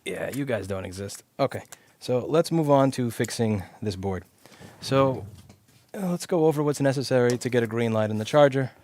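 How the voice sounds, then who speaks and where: This man teaches electronics repair on a live stream, explaining the circuit one step at a time while cursing offhandedly and staying blunt and sarcastic. His mid-range voice is a little mellow and moves at a moderate pace, picked up by a clip-on mic.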